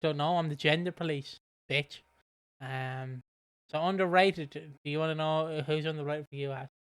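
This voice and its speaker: British man, podcast co-host, slightly high, smooth and clear voice, dry close sound, joking and laid-back. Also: fairly even intonation, moderate pace, fairly bright tone, dry recording. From Britain. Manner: joking, laid-back presenter with filler ums. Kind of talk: casual podcast chat.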